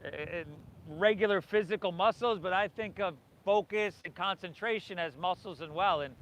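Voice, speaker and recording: A man's voice: high voice, fairly bright tone. A man teaching an outdoor yoga class, giving encouraging cues and breathing instructions to the group. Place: outdoors by the ocean.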